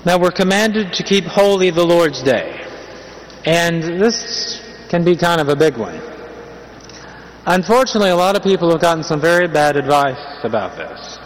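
A man's voice: a little high, expressive, normal speed, a little hiss or hum. A man giving a conversational sermon, telling a humorous story and asking rhetorical questions. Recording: long hall reverb, faint ambience.

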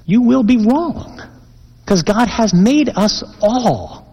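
A man, a priest, preaching a mission sermon and leading the congregation in prayer, stressing slow phrases. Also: high-pitched, expressive, darkish tone, breathy edge. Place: large church. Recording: long church reverb.

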